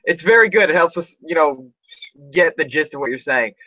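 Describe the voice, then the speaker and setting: A man's voice: fairly high pitch, lively intonation, fairly quick, no room sound, highs cut off. A man hosting a casual podcast chat, rambling with lots of fillers and restarts. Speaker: podcast host.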